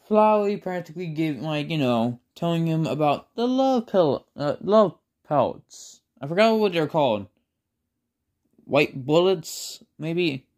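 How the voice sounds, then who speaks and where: A man's voice: a little high, darkish tone. A man casually telling a made-up fan story, rambling with lots of filler words and self-conscious asides.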